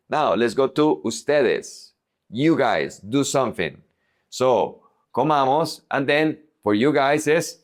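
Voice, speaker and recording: A male teacher giving a language lesson at a slow, unhurried pace. He says each example word deliberately and repeats it so learners can follow, with a voice pitched in the ordinary middle range for a man. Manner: slow, deliberate modeling of words. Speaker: Spanish teacher.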